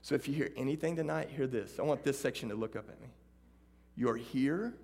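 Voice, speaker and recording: A man with a Texan accent preaching a sermon to students, animated, moving from loud calls to the audience to hushed storytelling. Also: medium pitch, brisk, husky. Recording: hall reverb.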